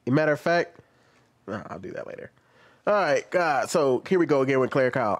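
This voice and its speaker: A man's voice: medium pitch, expressive, fairly quick. A man giving casual commentary on social media posts, rambling and correcting himself as he goes. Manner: rambling, self-correcting, reads posts aloud.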